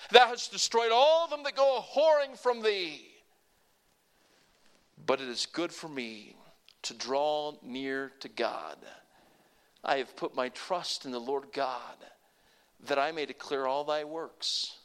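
Emphatic older male preacher, high voice. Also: takes it slowly, pauses often, clear, resonant tone. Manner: emphatic, swings from hushed to loud, has the congregation repeat phrases. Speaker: pastor. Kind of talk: sermon.

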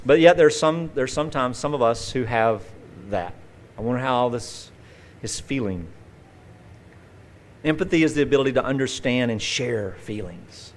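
A man's voice: mid-range voice, animated, moderate pace. Folksy male preacher, conversational sermon. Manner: folksy storytelling with vivid acted-out asides. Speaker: pastor.

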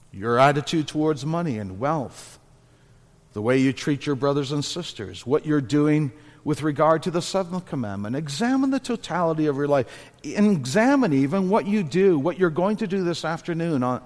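A man's voice: a little high, long reverb tail. A man preaching a sermon as pastor, earnest and exhorting, with firm emphasis.

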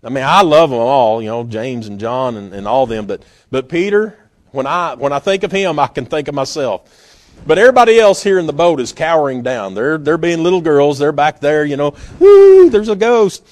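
A man preaching a sermon in a folksy, storytelling way, acting out scenes with sudden loud bursts. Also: a little high, expressive, fairly quick.

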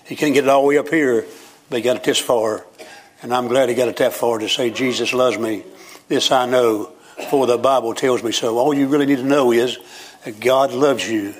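A man's voice: mid-range voice, fairly even intonation, fairly quick. Older man, preacher, folksy sermon, jokey storytelling, mid-range voice. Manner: folksy, joking storytelling with rising emphatic lines.

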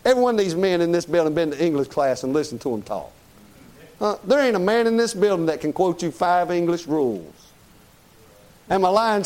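A man's voice: high-pitched, a little mellow, poor audio. A man preaching a sermon to a congregation in a church, emphatic and folksy, firing off rhetorical questions and calling for amen.

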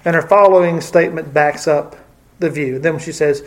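A man's voice: fairly high pitch, steady tone, moderate pace. A man teaching a casual Bible study, talking hesitantly with many fillers and restarts.

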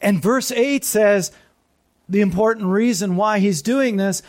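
A man preaching a sermon, often putting questions to the congregation and dropping to quieter asides. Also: sits high, measured pace. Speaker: pastor.

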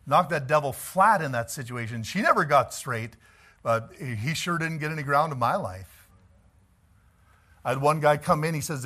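A man's voice: fairly high pitch, breathy edge. Storytelling preacher man. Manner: storytelling, animated preacher with chuckles. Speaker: pastor. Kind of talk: sermon.

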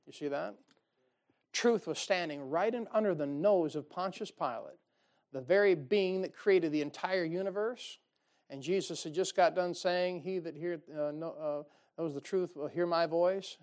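High-voiced guy preaching, folksy and punchy, lots of asides. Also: darkish tone. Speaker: pastor. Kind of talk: sermon.

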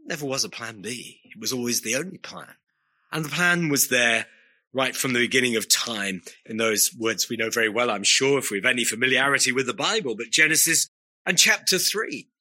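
A man preaching a sermon to his congregation, earnest and emphatic, leaning on slow, stressed phrases. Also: mid-range voice, lively intonation, sharp tone.

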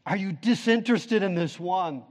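A male pastor preaching a sermon, with dramatic swings from booming declarations to hushed, low phrases. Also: normal speed. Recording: long reverb of a large hall.

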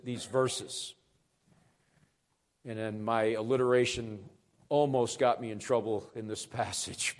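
A middle-aged man, a pastor, preaching an expository sermon to his congregation, with earnest explanations that rise to emphatic urgency. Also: mid-range voice.

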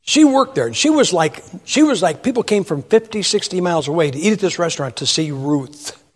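High husky guy preaching, folksy funny stories, church hall with long echo. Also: animated, brisk. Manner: folksy storytelling, acts out voices, rhetorical questions. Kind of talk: humorous sermon with anecdotes. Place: church sanctuary.

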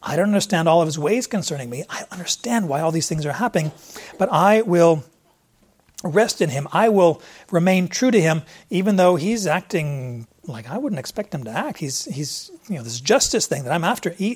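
A man's voice: a little high, lively intonation, normal speed. A man preaching an expository sermon in an earnest, conversational way, often restarting his phrases.

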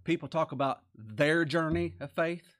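A man's voice: a little high, unhurried, a bit bright. A man preaching a folksy, earnest sermon, reading scripture aloud. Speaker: pastor.

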